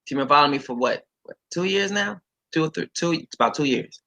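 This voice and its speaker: A man's voice: on the high side, expressive, quick pace, pushed and bright, poor audio. A man preaching casually on a livestream, talking straight to his viewers, reading scripture aloud and commenting on it, with emphatic repetition.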